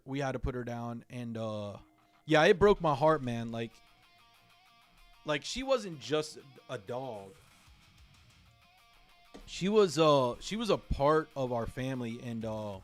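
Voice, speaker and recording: A man hosting a livestream, telling a personal story in a rambling way, correcting himself often and using lots of fillers. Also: on the high side. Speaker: livestream host. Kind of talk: emotional personal story on stream.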